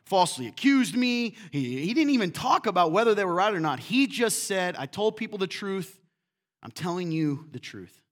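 A man preaching a sermon in a church, animated and acting out quotes in different voices. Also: high-pitched. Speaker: pastor.

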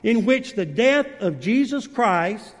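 Male preacher; high-pitched and folksy, miked in a big, reverberant sanctuary. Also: sing-song, takes it slowly. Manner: warm, folksy storytelling with many fillers. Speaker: guest preacher. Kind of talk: sermon. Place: church sanctuary. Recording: long reverb of a church hall.

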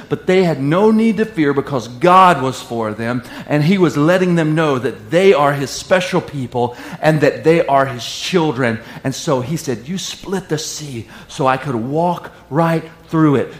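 A man preaching a sermon with lively call-and-response and bits of song. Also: a little high, unhurried, hardly any pauses. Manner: animated preaching with call-and-response and sung lines. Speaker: pastor. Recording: echoey room.

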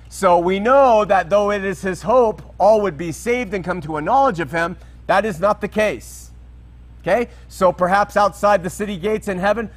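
A man preaching a sermon, teaching through Bible verses with emphatic, questioning delivery. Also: high-pitched.

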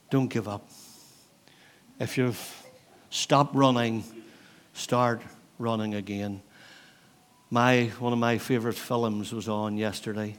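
A man's voice: medium pitch, fairly even intonation. Earnest man in his sixties preaching. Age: 60s. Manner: earnest, exhortative, with thoughtful pauses. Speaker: pastor. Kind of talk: sermon. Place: church.

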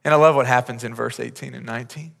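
A man's voice: medium pitch, fairly even intonation, fast, creaky, a bit bright. A man preaching a sermon as a pastor, earnest and pleading, often repeating words as he builds a point. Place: large church auditorium. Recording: long hall reverb from the sanctuary.

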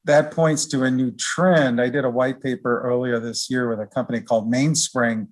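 Husky-voiced man explaining at ease. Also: medium pitch, normal speed. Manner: relaxed, rambling explanations with many fillers. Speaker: research director guest. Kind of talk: conversational interview.

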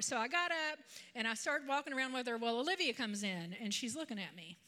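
Woman preacher in her 50s, bright tone, conversational sermon delivery. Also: high-pitched, fairly quick. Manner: conversational, animated storytelling with asides. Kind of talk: sermon with personal storytelling.

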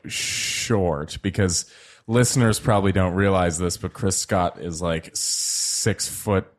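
A man hosting a casual chat, chiming in with quick agreements and jokes. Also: low voice. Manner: quick affirmations, joking asides.

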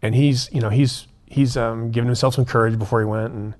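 A man's voice: medium pitch, a little fast. Earnest man telling a prison story. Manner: earnest, animated retelling with quoted dialogue. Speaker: prison minister, guest. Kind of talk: conversational storytelling.

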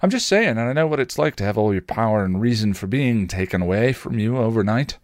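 A cocky, roguish man, as a male reader puts him on, smug and needling behind a reasonable tone. The voice sits fairly low and dry, close to the mic with no room around it. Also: animated, fast, no room sound, close to an everyday voice. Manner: reasonable tone, taunting.

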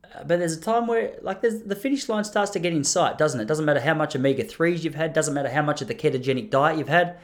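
A man's voice: fairly high pitch, fast. A man, chatting casually on a live stream with rambling, self-deprecating stories.

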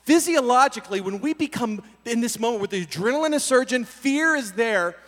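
A man preaching a storytelling sermon to young people, acting out scenes with voices and sudden loud bursts. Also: very high voice, fairly quick. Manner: animated, acts out scenes with voices and sudden shouts. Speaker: youth pastor. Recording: reverberant hall.

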